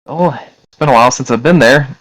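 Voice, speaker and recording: A sweet, doting mother of a snowy cabin, her voice pushed up high and bright, as a man puts her on. She talks in a caring, slightly puzzled way, calling everyone honey. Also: fast, natural voice, low-quality recording. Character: cheerful motherly woman in a cabin.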